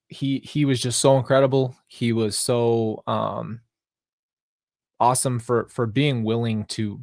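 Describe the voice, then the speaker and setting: A young man hosting a podcast, thanking his viewers in a heartfelt, halting way with many restarts, and getting close to tears. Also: medium pitch, no echo. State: emotional, near tears. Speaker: podcast host. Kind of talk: live podcast sign-off to viewers.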